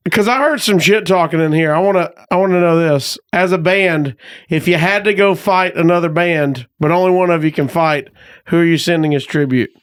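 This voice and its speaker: A man's voice: on the high side, clean tone. A man hosting a podcast in casual chat, joking and laughing with his guests. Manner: jokey, quick to laugh. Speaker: podcast host.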